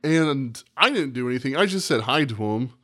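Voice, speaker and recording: A man's voice: mid-range voice, lively intonation, moderate pace, pushed and bright. A man co-hosting a podcast, telling a long, rambling, profane story in casual chat and acting out the quotes. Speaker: podcast co-host.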